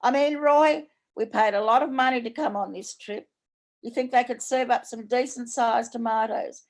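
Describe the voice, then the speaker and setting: A woman's voice: fairly high pitch, fairly even intonation, normal speed, close to an everyday voice. Woman reading a crude, plain-spoken older Australian mother; broad, swearing, sugary when asking. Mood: indignant.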